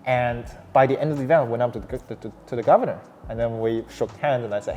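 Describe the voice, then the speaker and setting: Talking fast in a mid-range voice, a young startup founder gives an animated account of his story during a casual interview, restarting often and filling gaps with fillers. The recording has faint noise and a long hall reverb.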